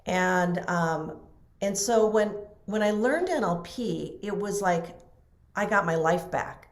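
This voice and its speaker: A middle-aged woman, a podcast guest and trainer, telling a personal story in a lively way and acting out the people she quotes. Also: medium pitch, takes it slowly. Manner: animated, acts out quoted voices, laughs often. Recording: roomy echo.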